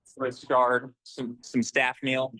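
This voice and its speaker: An upbeat man chef joins over a video call from a restaurant kitchen, greeting everyone with hype-man energy. His voice is bright and forceful, and the sound is dry and close. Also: medium pitch, completely flat delivery, slow pace, dry recording.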